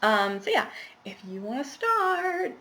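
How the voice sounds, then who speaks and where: A woman's voice: high-pitched, sing-song, measured pace, bright, forceful tone. A young woman chatting casually to camera about her cross-stitch, rambling with laughing asides, recorded at home in a small apartment.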